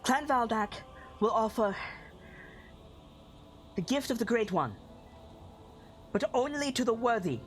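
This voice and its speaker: A man's voice: very high-pitched, animated, unhurried, pauses often, faint music behind, pitched above the performer's own voice. A man voicing a stern older female Goliath scholar who makes solemn, formal pronouncements in a raised voice.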